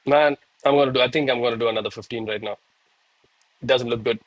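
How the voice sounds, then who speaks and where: A man's voice: mid-range voice, fairly even intonation, fast talker, poor audio. A young man chatting casually with viewers on a live trading stream, breathless and hyped between sets of push-ups.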